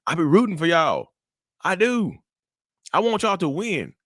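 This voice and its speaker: Animated man giving blunt relationship advice. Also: a little high, measured pace, no echo, studio quality. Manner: animated, preachy, repeats himself, acts out inner voices. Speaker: mental health channel host. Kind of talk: casual advice monologue to camera.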